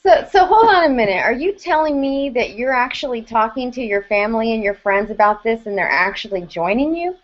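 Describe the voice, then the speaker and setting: A woman's voice: on the high side, lively intonation, fairly quick, few pauses, muffled recording. A woman hosting a group video call, upbeat and encouraging as she introduces her guests. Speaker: host.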